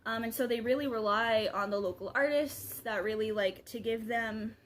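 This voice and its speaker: A chatty young woman talks straight into her camera mic, rambling along with plenty of ums and likes. Her voice sits a little high for a woman, with a faint hiss of background noise behind it. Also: moderate pace. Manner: rambling, chatty, lots of fillers. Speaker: vlogger. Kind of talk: casual vlog chat.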